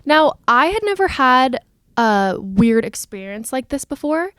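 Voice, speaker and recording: A young woman from Canada, co-hosting a podcast and telling a story in animated casual chat, acting out the dialogue. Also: sits high, measured pace, dry recording, studio quality. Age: young adult. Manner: animated, acts out dialogue, frequent "like". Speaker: podcast co-host.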